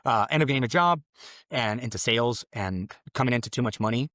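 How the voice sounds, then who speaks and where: Young man, late twenties, podcast guest sharing his life story; earnest, casual, mid-pitched, dry close sound. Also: fairly quick, a bit bright, no room sound. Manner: earnest, loose and conversational, acting out his own past thoughts.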